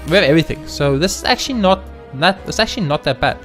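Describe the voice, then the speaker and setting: Excitable gaming commentator, a man. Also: on the high side, quick pace, faint music behind. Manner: excitable, swears, talks to the game. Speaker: let's play host.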